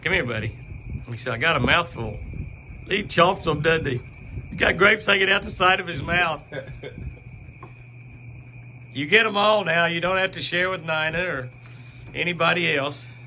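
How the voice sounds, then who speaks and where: A man's voice: a little high, moderate pace, pauses often, bright, forceful tone, slight background noise. A man hosting an outdoor ranch vlog, chatting easily, laughing often and cooing at the deer he feeds. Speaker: ranch owner and channel host. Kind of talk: casual outdoor vlog narration.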